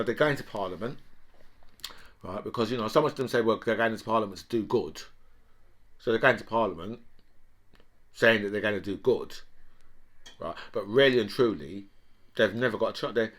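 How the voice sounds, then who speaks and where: A man giving a casual political rant, rambling, profane and full of "right?" and "you know". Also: lowish voice.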